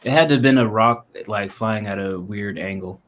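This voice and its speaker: A man's voice: fairly low pitch, normal speed, slight background noise. A man co-hosting a podcast, teasing the others with crude jokes. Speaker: podcast co-host. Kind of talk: casual chat.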